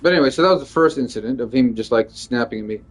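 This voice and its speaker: A man's voice: medium pitch, very fast. A male stand-up comedian venting in a casual, rambling monologue, swearing freely and leaning heavily on "like". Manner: rambling, profane, lots of "like".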